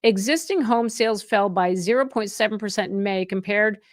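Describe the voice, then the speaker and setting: A woman's voice: mid-range voice, normal speed, no room sound, clean studio sound. A middle-aged woman hosting a real estate live stream, chatting with viewers in an effusive, chatty way and often restarting her sentences. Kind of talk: casual live stream chat.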